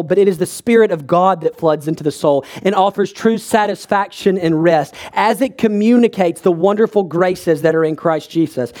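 A man preaching a sermon as a pastor, earnest and measured, building emphasis on repeated phrases. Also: sits high, darkish tone.

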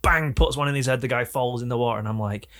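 A man's voice: medium pitch, fast. A man chatting casually about films, retelling scenes with acted-out gunshots and quotes. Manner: animated storytelling, acts out gunshots and quotes. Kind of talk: casual chat.

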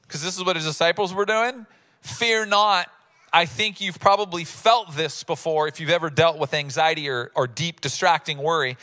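A man preaching a sermon in a lively, casual way, acting out bits of the story in voices. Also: sits high. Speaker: pastor.

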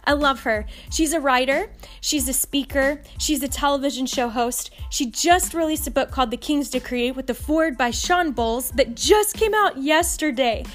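A woman's voice: sits high, moderate pace, hardly any pauses. A woman with a Texan accent hosting a faith podcast, talking with enthusiasm. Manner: enthusiastic, upbeat. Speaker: podcast host.

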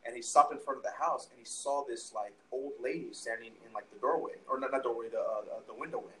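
A man's voice: medium pitch, fast talker, a crowd in the background, poor audio. A young man tells a story in casual conversation, rambling and profane, with lots of restarts and fillers. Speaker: podcast guest, musician.

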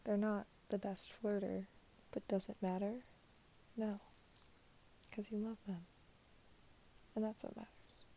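A young woman giving a reflective spoken monologue, her voice soft and drifting in and out of a whisper. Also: medium pitch, flat delivery, takes it slowly, long pauses, a little hiss or hum.

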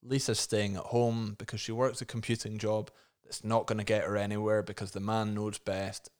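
Casual male comedy co-host, low voice, laughing and animated. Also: moderate pace. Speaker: podcast co-host.

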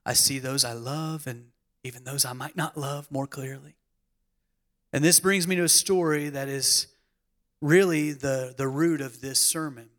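A man's voice: medium pitch, fairly bright tone. A man, a pastor, preaching a sermon and telling a story with dramatic emphasis, acting out the voices of the people in it.

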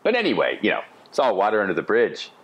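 A man's voice: on the low side, quick pace, slightly rough. Chatty middle-aged man telling stories. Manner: animated anecdotal, chatty with asides. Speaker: podcast guest. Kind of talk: casual storytelling.

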